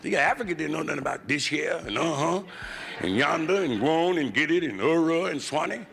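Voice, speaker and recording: A man's voice: a little high, lively intonation, brisk, creaky, fairly bright tone. An American male comedian doing crude, conversational nightclub stand-up and working the crowd from a hotel stage, on a noisy 1970s live VHS tape. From United States.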